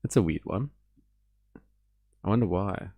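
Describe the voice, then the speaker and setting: A man's voice: deep voice, a little slow, vocal fry, phone-quality sound, background noise. A man with an Australian accent hosting a live stream, reacting to videos with incredulous, swearing, mocking commentary.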